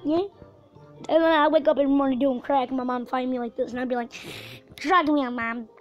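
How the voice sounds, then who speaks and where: A woman's voice: sits high, steady tone, fast. A woman hosting her own gaming channel, giving rambling, filler-heavy, crude, joking let's-play commentary. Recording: dull lo-fi recording with faint music.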